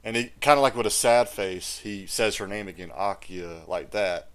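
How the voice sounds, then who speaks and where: A man's voice: fairly low pitch, brisk, a bit bright, clear, resonant tone. A man playing a tabletop game, describing his character's feelings in a subdued way. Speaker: player. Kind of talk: casual tabletop play.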